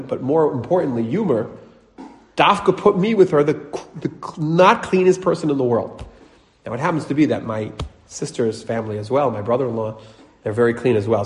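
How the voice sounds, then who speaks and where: A middle-aged man giving a casual, joking Torah class, telling stories and acting out quoted voices, with Hebrew and Yiddish words mixed in. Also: mid-range voice. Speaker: Torah teacher.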